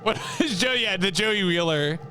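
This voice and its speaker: A man streaming a video game, chatting casually with viewers in an animated way and laughing often. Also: high voice, moderate pace, faint music behind.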